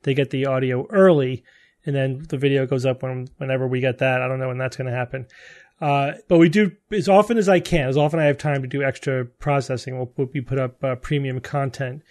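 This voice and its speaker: A man's voice: medium pitch, steady tone, a little fast, darkish tone. A man hosting a podcast in casual chat, making wry, teasing remarks. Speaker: podcast host.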